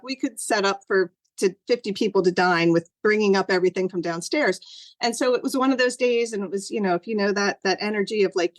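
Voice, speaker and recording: A woman's voice: medium pitch, no room sound. Woman, middle-aged, earnest, rambling, many fillers, dry sound. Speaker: guest sharing a personal story. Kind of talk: personal storytelling.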